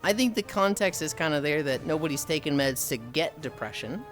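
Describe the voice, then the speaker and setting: Male streamer, Midwestern American accent, slightly high voice, loose and profane chat with viewers. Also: animated, brisk, fairly bright tone, soft background music. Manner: rambling, swears freely, answers chat messages aloud.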